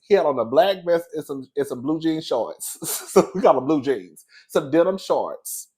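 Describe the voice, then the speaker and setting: A man's voice: on the high side, normal speed, hardly any pauses. Chatty gossiping man. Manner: chatty, animated, calls listeners "girl" and "baby". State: out of breath. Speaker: commentary host. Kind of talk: casual gossip commentary.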